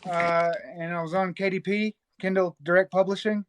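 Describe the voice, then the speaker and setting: A man from Memphis hosting a live stream, chatting casually and excitedly, swearing and laughing often. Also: high voice, moderate pace, clear, resonant tone, no room sound. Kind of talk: casual chat.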